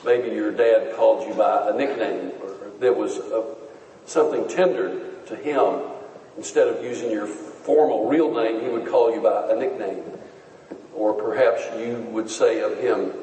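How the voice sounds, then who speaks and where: A man preaching a sermon, teaching in a measured and earnest way. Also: fairly low pitch, steady tone, mellow, slight background noise. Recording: echoey hall, voice from far off.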